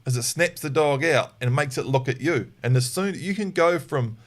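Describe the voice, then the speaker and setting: A man, a dog trainer answering listener questions in a live podcast Q&A and acting out sharp commands to a dog. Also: on the high side, normal speed. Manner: demonstrates sharp corrective commands.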